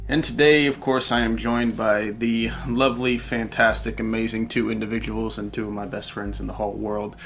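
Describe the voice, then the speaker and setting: A young man hosting a casual podcast chat, upbeat and quick to laugh. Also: on the low side, little pitch movement, faint music behind. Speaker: podcast host.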